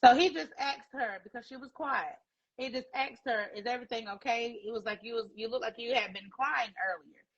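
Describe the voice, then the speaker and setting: A woman's voice: a little high, brisk, husky, lo-fi sound. A woman co-hosting a podcast, casually retelling what was said in a clip. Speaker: podcast co-host.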